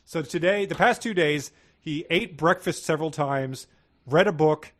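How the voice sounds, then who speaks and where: A man's voice: on the high side, moderate pace, fairly bright tone. Male podcast co-host, 30s, dry jokester, reads excerpts with mock gravity. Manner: wry, joking, mock-dramatic readings. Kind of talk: casual book-riffing chat, reading passages aloud.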